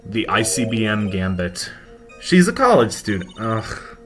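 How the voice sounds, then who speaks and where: A man's voice: fairly low pitch, very animated, measured pace, a bit bright, faint music behind. A man doing casual, sarcastic let's-play commentary, mocking the game as he reads its lines aloud.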